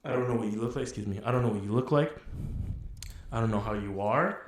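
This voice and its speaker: A man's voice: lowish voice, quick pace, slight background noise. Teasing young man in echoey room. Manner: relaxed, teasing banter. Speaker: podcast co-host. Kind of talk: casual chat.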